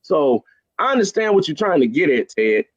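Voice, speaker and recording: A man's voice: on the high side, very animated, normal speed, lo-fi sound. A man arguing in a heated call-in debate, stammering over his words and speaking bluntly in slang. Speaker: panelist in a debate.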